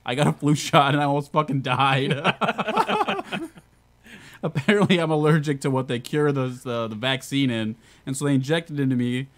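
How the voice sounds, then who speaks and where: A man's voice: mid-range voice, lively intonation, normal speed. A man from small-town Wisconsin, swearing and laughing through casual stories about military training. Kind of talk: casual podcast chat.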